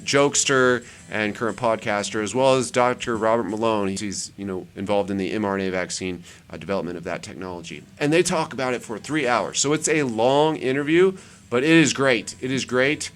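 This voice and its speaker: A man hosts his channel, talking casually as he scrolls through web pages, rambling and repeating words for emphasis. His voice is fairly low and a little fast, with few pauses.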